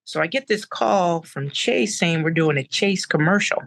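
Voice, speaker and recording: A woman's voice: fairly low pitch, expressive, normal speed, creaky, no echo. A woman guest in an interview, telling her story emphatically and repeating words for effect. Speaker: interview guest, balloon artist.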